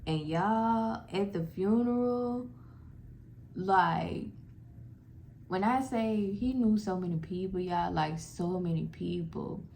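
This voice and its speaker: A young woman vlogger tells a personal story straight to camera, speaking slowly in a casual, heartfelt, slightly mellow way, calling her viewers "y'all" and using "like" often. Her voice sits a little low with a gravelly fry, and faint noise runs beneath the recording.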